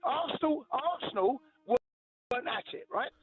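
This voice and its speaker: A man's voice: very high voice, lively intonation, unhurried. A man calling in to a radio show who argues his point defensively and insistently, over and over asking "right?". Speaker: radio phone-in caller. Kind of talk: heated radio phone-in argument. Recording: tinny phone line with faint hiss.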